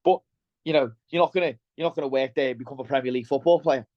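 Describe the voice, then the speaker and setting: In a dull lo-fi recording with no echo, a middle-aged man with a Merseyside accent speaks rapid-fire in a mid-range voice. He's a guest on a casual interview, an ex-welder now leading operations, and talks about his work bluntly, saying "mate" again and again.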